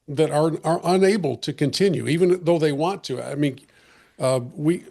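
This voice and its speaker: A man hosting a podcast conversation, earnest and reflective, often restarting his sentences, and slightly hoarse as he loses his voice. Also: a little high, normal speed, darkish tone. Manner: earnest, with frequent restarts and fillers. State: losing his voice. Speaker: podcast host.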